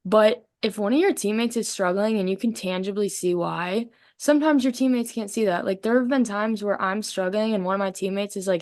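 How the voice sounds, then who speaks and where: A young woman co-hosting a casual podcast chat, animated, acting out the voices of people she quotes. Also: medium pitch, brisk. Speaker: co-host, softball player.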